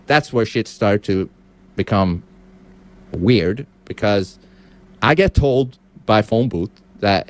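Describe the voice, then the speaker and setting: A man's voice: medium pitch, big pitch swings, normal speed. A man hosting a reaction stream, talking in a casual, profane and defensive way about a dispute. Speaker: streamer reacting to a podcast clip.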